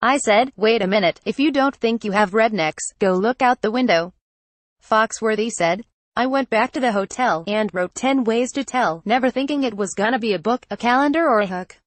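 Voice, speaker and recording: A woman's voice reading out a news article, photo credits and quoted punctuation included, in a flat read-out manner. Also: fairly high pitch, normal speed, dry recording. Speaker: news reader. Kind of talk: text-to-speech article reading.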